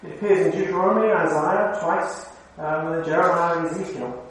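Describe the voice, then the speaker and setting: A man with a fairly high voice preaches a conversational sermon, turning to the congregation with questions. His voice rings through a very echoey hall, picked up from well away from the microphone, with faint room sound behind. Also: a little fast, fairly bright tone. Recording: very echoey hall, mic far off.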